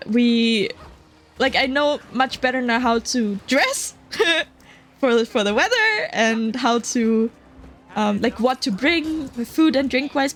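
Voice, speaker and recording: High-voiced giggly woman streamer. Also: a bit bright. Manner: chatty, giggly, lots of fillers. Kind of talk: casual chat while gaming.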